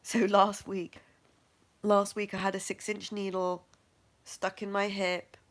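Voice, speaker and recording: A woman's voice: mid-range voice, flat delivery, takes it slowly. A middle-aged woman candidly telling her own medical story, frank and matter-of-fact, often laughing at herself. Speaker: vlogger sharing her health journey.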